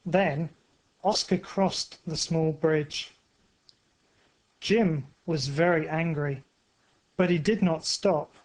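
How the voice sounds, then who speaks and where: A man narrates a simple story for English learners in a high, light voice. He reads very slowly, pausing between short phrases so each sentence lands clearly. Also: steady tone. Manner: careful, evenly spaced phrasing. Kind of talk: slow graded-reader narration for English learners.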